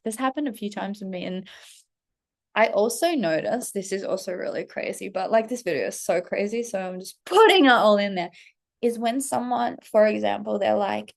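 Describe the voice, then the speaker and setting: A woman hosting her own spiritual channel, talking casually to camera in a candid, chatty way, swearing freely, leaning on "like", and slipping into quick acted quotes. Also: medium pitch. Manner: animated, slips into acted quotes of herself and others. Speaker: spiritual coach and channel host. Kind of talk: casual unscripted monologue to camera.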